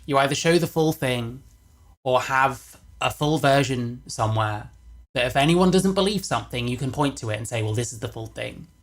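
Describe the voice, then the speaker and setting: A man ranting on a livestream while reacting to videos, heavy with swearing, exasperated, and repeating phrases for emphasis. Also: medium pitch. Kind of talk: angry casual livestream rant.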